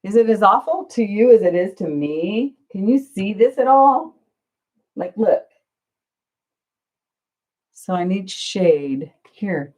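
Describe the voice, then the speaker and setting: A woman's voice: medium pitch, lively intonation, slow pace, long pauses, a little mellow. A woman hosting a casual crafting livestream, flustered and self-deprecating, chatting to her viewers while she works. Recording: dull lo-fi livestream audio.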